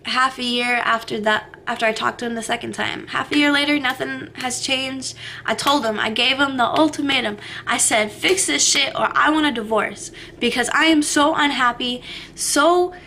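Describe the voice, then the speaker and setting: Young female vlogger, high bright voice, audible fry, blunt and profane, chatty camera-mic confessional. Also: slight background noise. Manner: candid, swears freely, lots of fillers. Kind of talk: casual confessional vlog.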